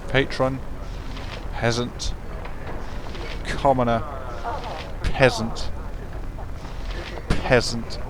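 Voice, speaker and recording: A man's voice: medium pitch, level tone, drawn-out words, pauses often, noisy background. A man casually commenting on a fantasy role-playing game with dry, wry asides. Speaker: let's play commentator. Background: game music.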